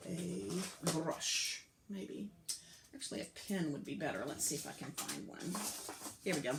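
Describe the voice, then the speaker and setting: A woman's voice: lowish voice, heavy background noise. A woman guiding children through a clay craft step by step, patient and often dropping to a near whisper. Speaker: craft teacher. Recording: echoey room, faint clicks.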